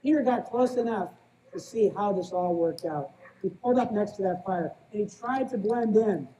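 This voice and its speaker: A man preaching from the pulpit in a relaxed, chatty way, with a warm and mellow tone. He talks like a small-town guy and keeps asking his listeners "right?" A faint hiss sits under the voice. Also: high voice, normal speed, rough recording. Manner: conversational preaching, often asks "right?"; plain-spoken, calls himself a small-town guy. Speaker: pastor. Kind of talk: sermon.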